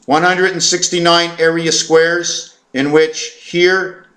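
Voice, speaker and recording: A man's voice: a little high, level tone, pushed and bright. A man talking to camera in a rambling monologue, stumbling over his words, correcting himself and reeling off long strings of numbers. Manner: hesitant, stumbling, full of fillers and self-corrections; fast, run-on counting and reciting of numbers. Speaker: vlogger.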